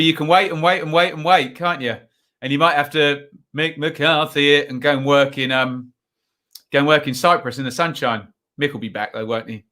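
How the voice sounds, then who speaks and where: Bright-voiced man hosting a football watchalong. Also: a little high. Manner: chatty, rambling commentary full of asides and tag questions. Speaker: watchalong host. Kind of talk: live football watchalong commentary.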